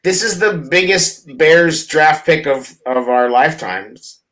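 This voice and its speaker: A man co-hosting a casual sports talk show who talks in an excited, profane, animated way. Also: on the high side, takes it slowly, low-quality recording. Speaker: podcast co-host.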